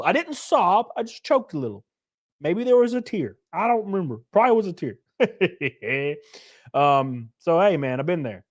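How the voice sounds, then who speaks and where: A man in his thirties hosts a casual live stream, trading jokes and jabs with his chat. His voice sits a little high for a man, and his delivery is brash and offhand. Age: 30s. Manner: brash, joking, talks back to chat. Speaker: livestream host.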